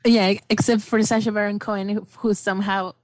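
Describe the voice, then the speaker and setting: A woman's voice: medium pitch, flat delivery, a little fast, dry recording. A woman guest chatting casually about a film, enthusiastic and rambling with many fillers. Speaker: podcast guest.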